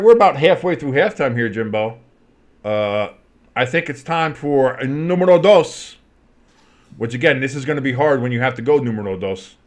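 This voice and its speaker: A man co-hosting a casual sports podcast, playful and teasing, often slipping into goofy voices. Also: medium pitch. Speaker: co-host.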